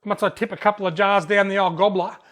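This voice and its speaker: A man's voice: sits high, fairly even intonation, quick pace, a bit bright. Laughing Australian man reading comments. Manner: jokey, laughs often, drawls words out. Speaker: fishing channel host. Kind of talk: casual chat reading out comments.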